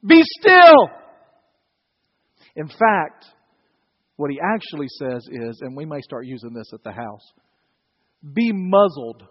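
Pastor, high voice, chatty and joking with the crowd, dull recording. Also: male voice. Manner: conversational, joking with the congregation. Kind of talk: sermon. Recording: dull sound in a reverberant hall.

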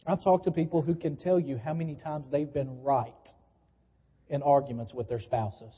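A man's voice: medium pitch, steady tone, moderate pace, slightly rough. A pastor preaching a sermon, emphatic and repeating key phrases as he coaches the congregation to answer back. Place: church sanctuary. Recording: dull live church recording with long reverb.

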